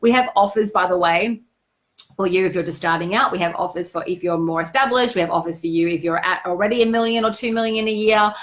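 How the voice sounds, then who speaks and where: Woman, business coach on a live stream, effusive and motivational, a bit low-pitched. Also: fast talker, poor audio. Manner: effusive, greets viewers by name, motivational. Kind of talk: live stream chat with viewers.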